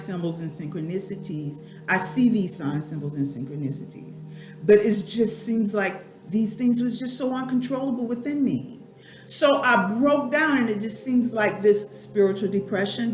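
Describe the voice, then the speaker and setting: A middle-aged woman speaks candidly in an emotional home vlog, rambling and teary, sometimes addressing herself by name. The room is echoey, with faint music underneath. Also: fairly high pitch. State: teary, eyes watering. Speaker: spiritual life coach and vlogger.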